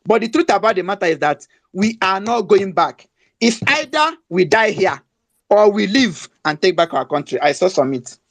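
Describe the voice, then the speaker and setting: Gravelly voice with a rallying cadence. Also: medium pitch, sing-song, moderate pace. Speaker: speaker in a live audio space. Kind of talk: rousing political speech.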